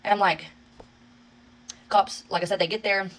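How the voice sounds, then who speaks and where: A woman telling a story to her phone in a casual vlog, in a rapid, exasperated retelling full of swearing. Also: medium pitch, steady tone, a bit bright, poor audio. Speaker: social media creator.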